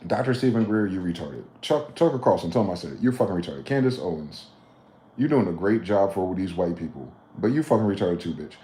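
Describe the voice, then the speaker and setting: Late-30s male livestreamer, lowish voice, heated preachy rant, echoey room. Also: lively intonation, fairly quick. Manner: heated, profane, preachy rant with sharp swings in loudness. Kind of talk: ranting livestream monologue. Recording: roomy echo.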